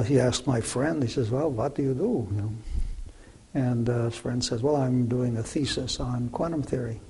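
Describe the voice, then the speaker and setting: A man's voice: mid-range voice, a little mellow. An older man, a physicist guest in an interview, recounting memories with many fillers and restarts. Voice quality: gravelly, raspy voice. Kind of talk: interview storytelling.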